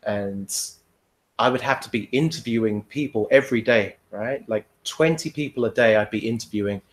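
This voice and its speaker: A man's voice: fairly low pitch, normal speed. A man in casual podcast chat, telling a long rambling story, swearing freely and laughing often. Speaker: podcast guest.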